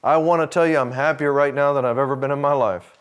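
Middle-aged man, mid-range voice, folksy preacher who acts out dialogue and goes quiet for quotes. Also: medium pitch, steady tone, fast talker, clean tone. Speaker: speaker addressing a men's gathering. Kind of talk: sermon with personal story.

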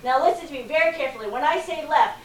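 A woman doing a male river guide barking orders over the roar, loud and urgent, leaving no room for argument. The voice rings out from a distance in a roomy space with a faint hiss behind it. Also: high voice, very fast, pitched above the performer's own voice, natural voice. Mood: shouting orders. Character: adult male river guide yelling instructions. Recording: roomy, from far off, faint noise.

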